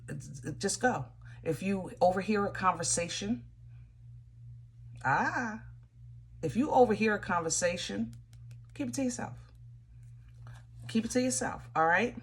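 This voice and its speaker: A woman's voice: mid-range voice, expressive, a little slow, pauses often, a little hiss or hum. A woman giving a casual tarot reading, chatty and often searching for her words and repeating phrases. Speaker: tarot reader.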